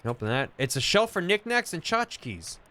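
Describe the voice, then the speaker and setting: A male streamer reads a video game's narration aloud, breaking off for casual asides. His pitch sits slightly high and moves lively, and the tone is bright and forceful. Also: normal speed. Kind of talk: reading game text aloud while playing.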